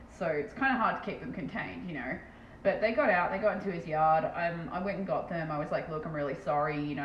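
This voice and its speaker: An Australian woman in her thirties from Western Australia, chatting casually on a live stream while painting, blunt and self-mocking with plenty of swearing. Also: on the low side. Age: 30s. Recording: roomy, dull lo-fi sound with faint background noise.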